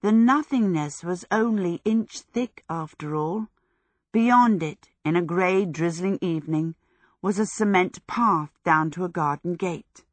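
A woman whose voice runs on the low side narrates an audiobook from a script in a calm, measured, even manner. The studio sound is clean, with no room sound.

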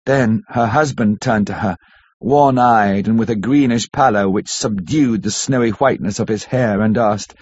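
A man reading a classic novel aloud in a measured, dramatic way. His voice is husky and dry, and the lo-fi recording sounds dull. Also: on the low side, a little mellow, no room sound. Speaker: audiobook narrator. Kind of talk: scripted narration of a classic novel.

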